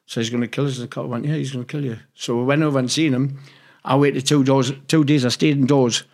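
An English man appears as an interview guest, rambling through loose anecdotes in casual chat. His mid-range voice is steady, fast and a little mellow, and he swears freely and acts out what other people said.

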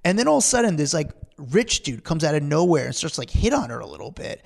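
A man's voice: on the high side, big pitch swings, gravelly. A man on a podcast telling stories in a casual, rambling way, with many fillers along the way. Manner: rapid, rambling, full of "like" fillers. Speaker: podcast guest. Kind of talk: animated storytelling in casual chat.

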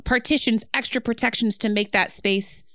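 A woman's voice: a little high, steady tone, moderate pace, a bit bright, no echo. Woman co-host, emphatic and angry, curses a lot, dry sound. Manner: emphatic, indignant, swearing. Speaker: podcast co-host. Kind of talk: casual chat.

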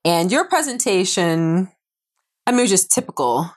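A woman's voice: on the low side, sing-song, normal speed. A woman co-hosting a casual couple's podcast, playful and teasing, often breaking into laughter. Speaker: podcast co-host.

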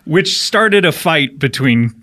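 A man's voice: on the high side, expressive, takes it slowly, sharp tone. A man hosting a casual comedy podcast, telling rambling stories and laughing often. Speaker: podcast host.

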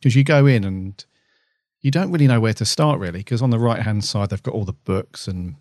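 An easygoing man with a fairly low voice talks casually with his co-host. The recording is dry and close, with no room sound. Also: a little fast, no echo. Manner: relaxed, easygoing, agreeable. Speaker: podcast co-host. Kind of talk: casual chat.

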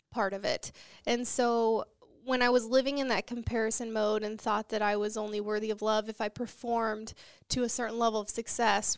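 A woman's voice: on the high side, smooth, dry recording, studio quality. A young woman, a guest in an interview, speaking earnestly and telling motivational stories. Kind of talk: interview conversation.

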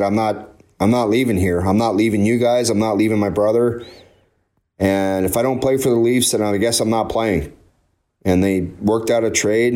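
A man's voice: on the low side, warm tone. Man, ex-hockey player, forties, open and rambling, repeats words, conversational. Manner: candid, rambling, repeats himself. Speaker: former pro hockey player, guest. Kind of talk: emotional interview conversation.

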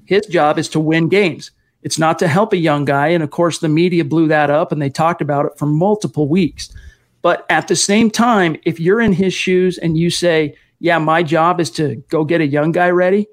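A man's voice: fairly high pitch, fairly even intonation, moderate pace. A man hosting a sports podcast, talking at length with detours and self-corrections. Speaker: podcast host. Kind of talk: casual sports podcast chat.

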